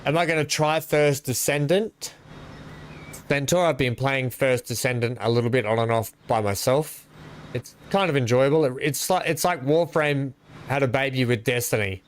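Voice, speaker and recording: A man's voice: medium pitch, moderate pace, a little hiss or hum. An Australian man chatting casually to his live-stream viewers while playing, rambling and greeting them by name.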